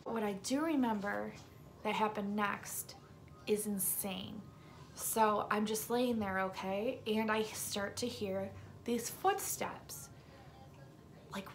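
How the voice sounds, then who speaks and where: A woman vlogger with a sore throat, telling a story to her viewers in an emphatic, casual way and sometimes dropping into a hushed whisper. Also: fairly high pitch, vocal fry, slight background noise.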